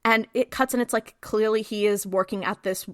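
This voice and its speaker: A woman co-hosting a podcast, recapping a TV episode in a casual, animated way and acting out the characters' lines. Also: mid-range voice, normal speed, no room sound, clean studio sound. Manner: animated retelling, acts out quotes. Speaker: podcast co-host.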